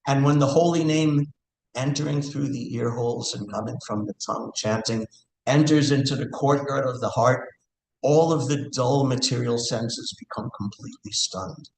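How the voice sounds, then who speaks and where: Man, class speaker, mid pitch, earnest and searching, echoey hall with faint hiss. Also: moderate pace. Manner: earnest, thinking aloud with fillers and Sanskrit verse. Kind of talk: scripture class talk. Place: temple hall.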